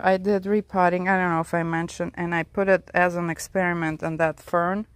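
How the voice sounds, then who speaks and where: An orchid grower and channel host walks through her outdoor orchid garden in a casual tour vlog, chatting to both her plants and her viewers while out of breath from the heat. Her voice is fairly low, recorded with no room sound.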